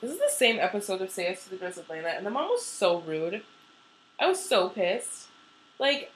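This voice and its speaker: A woman's voice: medium pitch, sing-song, moderate pace, slight background noise, poor audio. A young woman chatting casually to her camera at home, rambling and giggly with lots of fillers. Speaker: vlogger.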